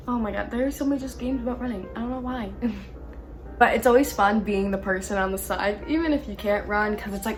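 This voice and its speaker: Girl vlogging about games, kinda high voice, giggles a lot, gets worked up telling stories, soft music behind. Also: normal speed. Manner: chatty, laughs often between thoughts; animated when retelling arguments. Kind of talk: casual chat.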